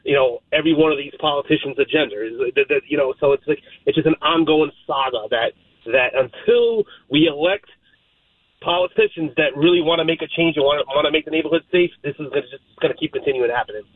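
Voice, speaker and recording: A man's voice: fairly high pitch, animated, fast talker, no room sound. A man calling in to a radio talk show, making his point emphatically and repeating himself. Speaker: radio caller. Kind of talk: phoned-in opinion. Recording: tinny phone line.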